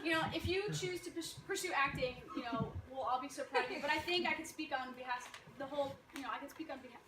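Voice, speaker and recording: High-voiced young woman joking from afar. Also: quick pace. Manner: jokey, laughing. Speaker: cast member. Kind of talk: joking tribute speech. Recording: distant voice, echoey noisy room with a crowd. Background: loud crowd and noise.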